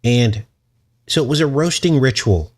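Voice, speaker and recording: A man's voice: mid-range voice, measured pace. A man hosting a casual livestream, rambling and chuckling as he answers his viewers' chat. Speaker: channel host.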